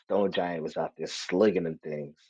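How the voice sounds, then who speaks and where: A man's voice: low voice, fairly even intonation, normal speed, darkish tone, breathy edge, dry recording, highs cut off. A man playing a tabletop game, casual and profane, laughing often. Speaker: player. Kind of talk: tabletop game banter and in-character narration.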